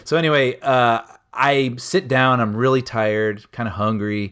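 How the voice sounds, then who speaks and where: A man's voice: mid-range voice, fairly even intonation, unhurried, a bit bright, clear, resonant tone. A man co-hosting a podcast, casually telling a funny story and laughing often. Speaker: podcast co-host. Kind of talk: casual chat, anecdote telling.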